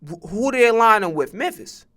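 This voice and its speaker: Bright, clear-voiced profane streamer man. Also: sits high, sing-song, moderate pace. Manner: blunt, profane, rambling with many restarts. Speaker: streamer reacting to a video. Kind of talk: casual reaction commentary.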